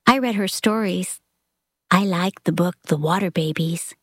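A woman reading a story aloud in a soft, often half-whispered delivery. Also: on the low side, a little slow, husky, dry recording, studio quality. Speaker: reader.

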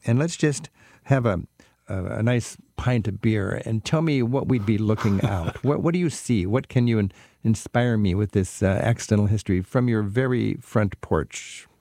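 A man's voice: fairly low pitch, vocal fry, dark tone, dry recording. A man hosting a radio travel show, chatty and enthusiastic as he interviews a guest. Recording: dry studio mic with faint music.

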